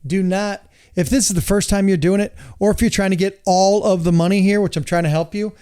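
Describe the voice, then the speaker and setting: A middle-aged man from the United States gives an emphatic instructional talk, often sounding exasperated. He repeats his points for weight. His voice sits fairly high and sounds clear and resonant. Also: steady tone, brisk, warm tone. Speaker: real estate investor and hard money lender. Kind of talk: instructional monologue.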